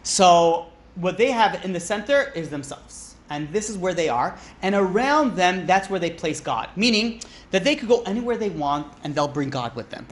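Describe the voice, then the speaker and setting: A man's voice: high voice, very animated, moderate pace. A man, a rabbi, giving an informal Torah class, chatty and often interrupting himself to joke with the room. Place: classroom with a live audience.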